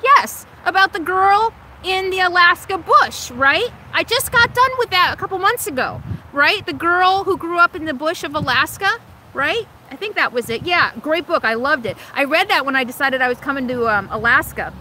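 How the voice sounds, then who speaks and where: A middle-aged woman with a high, bright voice chats through a livestream from inside her RV, answering viewer comments as they come. She laughs often and pokes fun at herself, and her sinuses are stuffed from allergies. A faint hum of vehicle noise sits behind her. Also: animated, moderate pace, rough recording. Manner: chatty and self-deprecating, laughs often. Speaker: RV vlogger hosting a livestream. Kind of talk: casual livestream chat reading viewer comments. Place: in an RV in Alaska.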